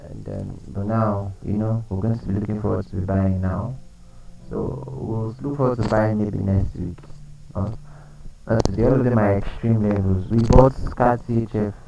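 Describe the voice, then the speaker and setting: A man's voice: lowish voice, steady tone, normal speed, gravelly, warm tone, distant mic, rough recording. A man running a live trading lesson, explaining chart setups, repeating key points and quizzing his viewers. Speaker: trading coach.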